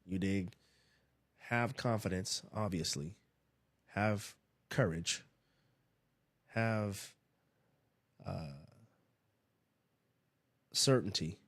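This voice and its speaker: A man's voice: sits low, extremely slow, long pauses, dry recording. A man hosting a podcast, giving a casual motivational monologue in a laid-back, rambling way, often repeating and restarting his phrases. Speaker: podcast host.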